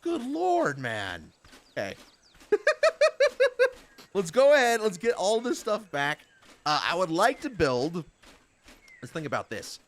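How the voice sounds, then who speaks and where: A man's voice: high voice, huge pitch swings, a little slow, fairly bright tone. A young man giving casual, chatty commentary over his gameplay, laughing often. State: hiccups. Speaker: gaming YouTuber.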